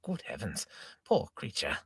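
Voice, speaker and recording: A man voicing a hot-tempered old gentleman who sputters oaths and exclaims indignantly, in an amateur reading of an old farce. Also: lowish voice, wildly swooping pitch, a little slow, breathy edge, dry recording, clean studio sound, heavily acted.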